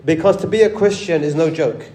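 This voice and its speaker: A man's voice: on the high side, a little fast, dark tone, roomy sound. A man preaching a sermon, conversational, often asking the church rhetorical questions and repeating words as he restarts. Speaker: pastor.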